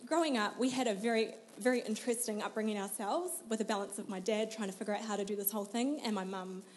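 A woman's voice: medium pitch, fast, a little mellow, a little hiss or hum. A young adult woman, telling her personal story earnestly as an interview guest, laughing now and then. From New Zealand.

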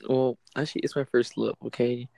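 A man in casual chat, cracking teasing deadpan jokes. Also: mid-range voice, brisk, creaky, no echo.

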